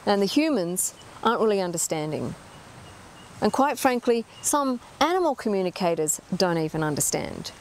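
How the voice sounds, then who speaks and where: A woman's voice: medium pitch, sing-song, moderate pace, slight background noise. A middle-aged woman giving an earnest talk as an animal communicator, emphatic and full of rhetorical questions.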